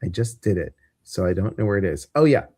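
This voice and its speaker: A man's voice: low-pitched, big pitch swings, a little fast, warm tone, husky, no echo, clean studio sound. A man with a Midwestern American accent hosting a casual livestream, chatty and rambling with lots of fillers. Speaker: host.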